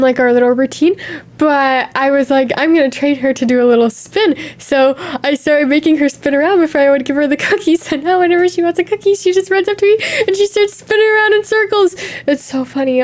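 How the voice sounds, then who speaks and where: High-voiced young woman, chatty streamer. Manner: chatty, candid, drifting between tangents. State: sniffly with allergies and hiccups. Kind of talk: casual chat.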